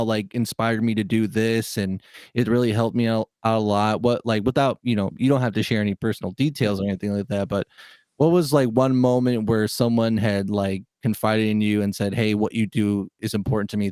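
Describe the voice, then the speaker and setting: A man's voice: medium pitch, darkish tone, smooth, no room sound. Rambling male podcast host. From Chicago area. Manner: rambling, many fillers and restarts. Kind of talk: casual interview chat.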